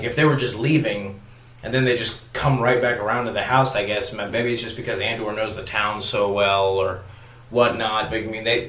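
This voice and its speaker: A lowish-voiced man talks through a TV episode in a loose, rambling way, leaning on "like" and "you know" as he goes. His voice carries a noticeable room echo, as if he is recording in a bare space. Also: a bit bright. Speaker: TV show reviewer. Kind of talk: casual spoken review. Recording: roomy echo.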